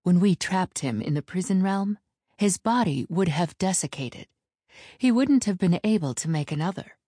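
A woman's voice: fairly low pitch, expressive, moderate pace, warm tone, breathy edge, dry recording, studio quality. Woman voicing a stern, curt elder witch. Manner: clipped, curt and authoritative.

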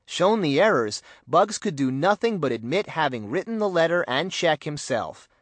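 Animated male audiobook narrator. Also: on the high side, moderate pace, no echo. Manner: expressive, animated reading. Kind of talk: scripted storybook narration.

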